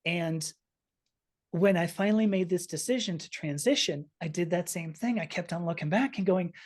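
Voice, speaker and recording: A woman in her fifties with a somewhat low voice tells a personal story as a podcast guest. She talks earnestly and openly, often stumbling and restarting mid-sentence. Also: normal speed, darkish tone. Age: 50s. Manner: earnest, emotional, frequent restarts.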